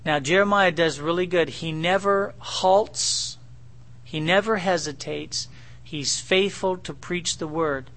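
A male preacher delivers his sermon in a high, bright voice. He speaks in an animated, conversational way and keeps turning to the congregation with rhetorical questions. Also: slow.

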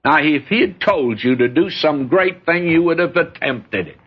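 A husky-voiced male preacher gives a sermon as folksy storytelling, animated and at a moderate pace. His pitch rises and falls as he presses a point, then eases back into relaxed talk. The audio is dull and lo-fi.

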